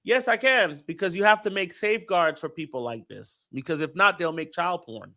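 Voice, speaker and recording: A man hosting a casual fan-show chat, talking in a high voice with a bright, forceful edge. He is animated and profane, and he reads viewer comments aloud as he riffs. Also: normal speed. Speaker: podcast host.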